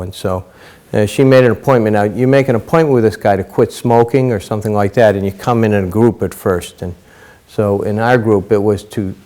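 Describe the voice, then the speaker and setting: A man's voice: fairly low pitch, warm tone. A middle-aged man giving a dharma talk as a Zen teacher, telling stories casually with many fillers.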